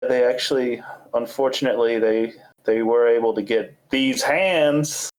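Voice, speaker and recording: Male player, casual and wisecracking, mid-pitched, plain everyday voice. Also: unhurried, darkish tone, rough recording. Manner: joking, offhand, swears casually. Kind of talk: casual role-play chat.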